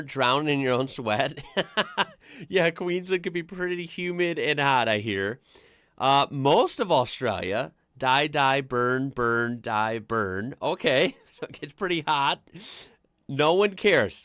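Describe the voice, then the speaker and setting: American male vlog host, laid-back and rambling, laughs a lot, mid pitch, dry close recording. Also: lively intonation, unhurried, fairly bright tone, clear, resonant tone, no echo. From United States. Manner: chatty, laughs often, frequent "like" fillers. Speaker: reaction channel host. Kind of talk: casual reaction commentary.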